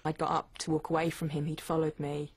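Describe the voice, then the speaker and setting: A woman calmly recounting something that happened to her in an interview. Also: low voice, brisk, a little hiss or hum. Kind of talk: testimony interview.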